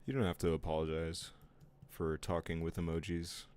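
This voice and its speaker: A man's voice: low-pitched, level tone, moderate pace, darkish tone, smooth. A man streaming his drawing live, chatting casually with viewers in playful, mock-offended banter. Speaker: art streamer.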